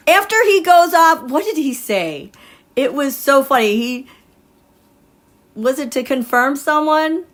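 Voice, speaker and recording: A woman reading tarot cards live, chatting in an animated way and laughing often. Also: high-pitched, takes it slowly. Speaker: tarot reader.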